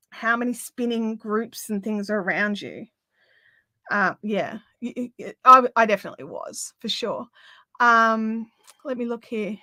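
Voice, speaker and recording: Chatty aussie lady on a craft stream, bright voice, bit high, dry close sound. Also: dry recording. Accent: Australian. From Australia. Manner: chatty, lots of fillers, laughs easily. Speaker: craft livestream host. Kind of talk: casual chat, reading viewer comments.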